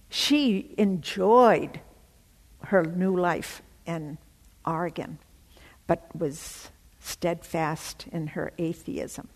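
A woman giving an emotional personal testimony, telling her story haltingly with many fillers. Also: lowish voice, big-room sound.

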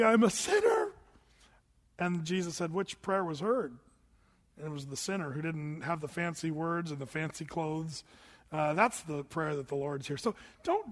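A middle-aged man preaching a sermon in a large church, telling stories and acting out the voices in them. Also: sits high. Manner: animated storytelling, acts out voices. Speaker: pastor. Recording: long hall reverb.

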